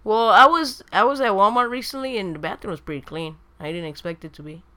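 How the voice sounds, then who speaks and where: A woman's voice: mid-range voice, expressive, fast talker, pushed and bright. A woman in a casual podcast chat, blunt and sarcastic, swearing freely as she reacts to a story. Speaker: podcast co-host.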